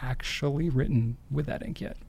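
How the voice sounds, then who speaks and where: A man's voice: medium pitch, normal speed, gravelly, darkish tone, husky. A man co-hosting a podcast, chatting in an easygoing way full of likes and ums. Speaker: podcast co-host. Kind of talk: casual chat.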